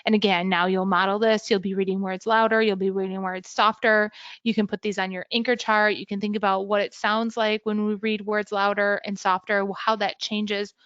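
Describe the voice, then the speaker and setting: A woman's voice: mid-range voice, little pitch movement, normal speed, fairly bright tone, no echo, muffled recording. Woman explaining teaching steps, dry sound. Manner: clear, explanatory, modeling sample lesson language. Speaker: teacher educator. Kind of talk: instructional talk to teachers.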